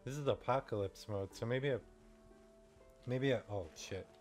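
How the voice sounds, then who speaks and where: A man's voice: medium pitch, normal speed, darkish tone. A man giving let's-play commentary, reacting nervously to a game and swearing when things go wrong. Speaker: gaming YouTuber. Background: faint game music.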